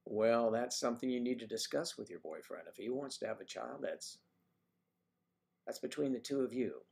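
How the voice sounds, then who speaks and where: A man's voice: medium pitch, lively intonation, moderate pace, creaky, darkish tone. A man hosting a casual livestream, greeting viewers by name and teasing them in a playful, chatty way. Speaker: livestream host reading viewer comments.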